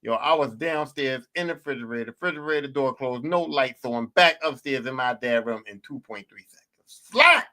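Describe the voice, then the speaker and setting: A man hosting a podcast, telling stories in a profane, animated, casual way and repeating himself for emphasis. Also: medium pitch, a little fast. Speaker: podcast host. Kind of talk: casual storytelling monologue.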